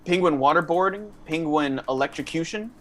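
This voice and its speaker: A man improvising as a male zookeeper who calmly admits torturing penguins, with a put-on accent slipping from Russian into German. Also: a little high, a little fast, over a noisy crowd, natural voice. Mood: casual. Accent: put-on Russian sliding into German. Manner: matter-of-fact, hesitant menace. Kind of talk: improv comedy scene.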